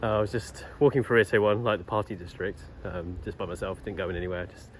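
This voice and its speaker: In a casual storytelling vlog, a young male travel vlogger rambles easily through a tale, full of fillers and restarts. He speaks fast in a low-pitched voice, with slight background noise.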